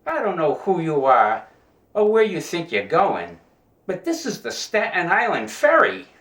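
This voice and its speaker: Guy playing a stern ship captain, high sharp questions, echoey. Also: huge pitch swings, measured pace, far from the mic, heavily acted. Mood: wry. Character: stern ship captain, gruff then wry. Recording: roomy echo.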